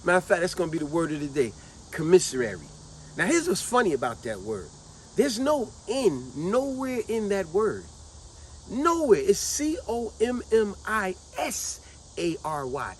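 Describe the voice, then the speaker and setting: A woman's voice: on the low side, very animated, normal speed, slight background noise, poor audio. A middle-aged woman giving casual commentary to her vlog audience, emphatic and repetitive, stretching out words to drive her points home. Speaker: vlogger.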